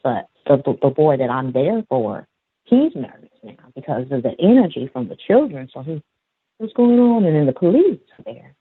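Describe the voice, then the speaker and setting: A man calling in, telling a story from his school job in a rambling, halting way with many fillers. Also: mid-range voice, big pitch swings, no room sound. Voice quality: gravelly, husky. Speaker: caller, school aide. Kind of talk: casual storytelling. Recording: dry, tinny phone line.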